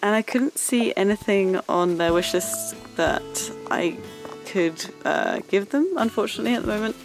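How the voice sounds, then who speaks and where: A woman's voice: mid-range voice, animated, moderate pace, music in the background. A young woman hosting a gaming channel, chatting casually over her gameplay in a bubbly, gushing way with frequent giggles.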